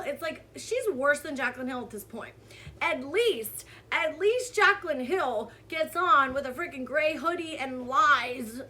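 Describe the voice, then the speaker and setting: A woman's voice: high-pitched, pushed and bright, a little hiss or hum. A woman vlogger giving casual commentary on online drama in a heated, sarcastic rant.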